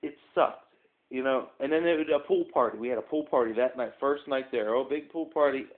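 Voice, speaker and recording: A man's voice: mid-range voice, brisk. A man telling a rambling, self-mocking story to his phone's front camera, full of fillers and asides. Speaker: vlogger. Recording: tinny phone-quality audio.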